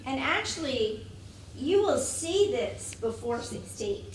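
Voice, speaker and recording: A woman's voice: high-pitched, sing-song, takes it slowly. A woman co-teaching a parenting class in a church, adding points to the lecture. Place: church meeting room. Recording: echoey room from far off, faint hiss.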